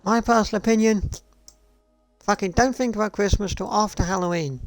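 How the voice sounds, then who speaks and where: A man's voice: sits high, fairly quick, no echo, soft background music. A man streaming live, ranting in a sarcastic, profane and repetitive way. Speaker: gaming streamer. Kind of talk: casual live-stream rant.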